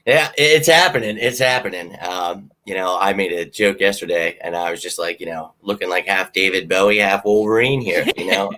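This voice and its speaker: A man hosting a casual sports talk show, animated and jokey. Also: sits low, a little fast, hardly any pauses. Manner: animated, jokey fan banter. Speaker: podcast host.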